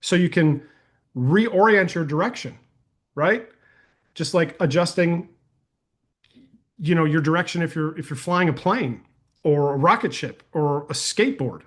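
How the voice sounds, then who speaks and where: An energetic man hosts a live coaching call and answers attendee questions in a folksy, conversational way. His voice sits a little high for a man, and he talks with loose, friendly enthusiasm. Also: measured pace, long pauses. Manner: energetic and folksy, uses "y'all", tells anecdotes. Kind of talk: casual webinar Q&A.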